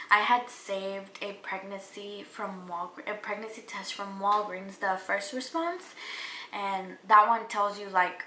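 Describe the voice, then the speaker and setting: A young woman telling a personal story to her camera in a casual, chatty way, full of "like" and restarts. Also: mid-range voice. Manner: chatty, lots of "like" and restarts, animated quoting of herself. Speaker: vlogger. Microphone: camera or phone mic. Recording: echoey room with faint ambient noise.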